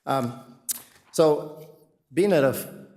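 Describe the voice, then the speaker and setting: A man's voice: a little high, very slow, dark tone. A man giving a friendly, rambling presentation to residents at a city meeting, with many fillers and restarts. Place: city council chamber. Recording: echoey meeting room.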